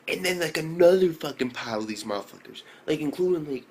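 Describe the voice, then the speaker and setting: A young man giving a casual, profane, excitable recap of an anime episode, often breaking into high exclamations. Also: fast, husky. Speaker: anime reviewer.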